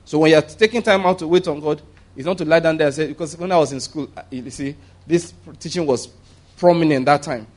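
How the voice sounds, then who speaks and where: A male preacher delivers a sermon in a slightly raised voice. He is animated and humorous, stumbling over restarts and acting out the voices of the people in his stories. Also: on the high side, fairly quick. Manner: animated, humorous, acts out quoted voices, frequent laughs and restarts.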